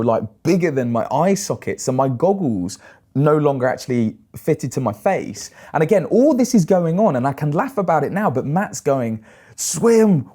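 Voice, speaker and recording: A British man in his thirties telling animated stories in a casual interview. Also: a little high, husky. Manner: animated storyteller, acts out quoted voices. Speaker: guest, long-distance swimmer.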